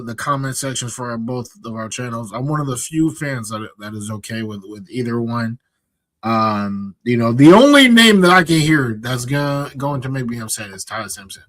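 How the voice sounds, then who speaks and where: A man's voice: medium pitch, animated, moderate pace, fairly bright tone, no echo. Easygoing man chatting sports. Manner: easygoing, upbeat, many fillers. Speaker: podcast co-host. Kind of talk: casual sports talk.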